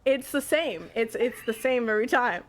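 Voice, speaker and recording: A woman streaming a game, chatting casually, excitable and prone to swearing. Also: a little high, normal speed. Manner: excitable, laughing, swears freely. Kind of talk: casual live game commentary.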